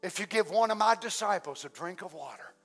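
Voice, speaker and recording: A man preaching a sermon in a folksy way, asking the congregation many questions and swinging between loud exclamations and soft asides. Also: high voice, lively intonation, fairly quick, soft background music.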